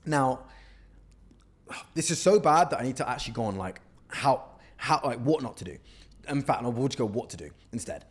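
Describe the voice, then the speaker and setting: Husky and medium-pitched, this young man speaks at a moderate pace with long pauses. Coaching on cold outreach, he casually tears into messages on camera, animated, blunt and mocking, and keeps tacking on "okay?"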